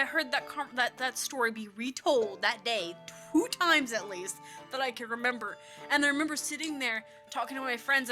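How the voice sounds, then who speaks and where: A young woman with a Midwestern American accent chats while she plays a game, drifting through stories and breaking into giggles. Her voice sits high and sounds bright and clear. Soft game music plays underneath. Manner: rambling, giggly, quotes people in character. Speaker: gaming streamer. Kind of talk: casual storytelling while playing.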